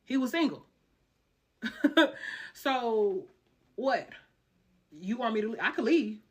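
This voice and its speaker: A woman's voice: fairly high pitch, slow pace, slightly rough. A woman telling a dramatic personal story in a casual vlog, cursing freely and talking in slang. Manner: animated, profane, slangy storytelling.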